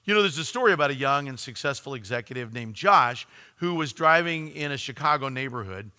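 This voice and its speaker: A man preaching a sermon, telling a story earnestly and slowing down for emphasis. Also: medium pitch, lively intonation, sharp tone, clear, resonant tone, long reverb tail. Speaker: pastor.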